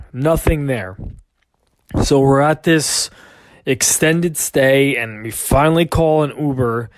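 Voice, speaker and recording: A man's voice: medium pitch, no room sound. A man hosting a podcast, telling a rambling story in a casual, ranting way. He repeats his points for emphasis and swears freely. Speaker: podcast host. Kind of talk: casual chat.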